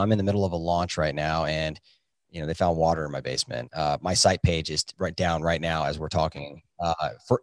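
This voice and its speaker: In a dry recording with clean studio sound, a low-voiced man, a physician and coaching program founder, answers podcast interview questions. He comes across as earnest and reflective, using many fillers.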